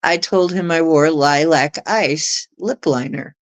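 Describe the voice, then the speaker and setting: A middle-aged woman telling a personal story in a chatty, animated way. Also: low-pitched, slow pace, rough recording. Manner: chatty, animated retelling with laughs and acted quotes. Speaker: astrology show guest. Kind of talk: casual storytelling.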